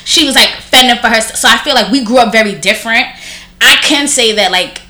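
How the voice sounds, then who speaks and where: A woman's voice: on the high side, a little fast, sharp tone. Blunt, profane woman in her thirties. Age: 30s. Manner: blunt, profane, heavy use of filler "like". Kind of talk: casual storytelling chat. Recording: roomy echo.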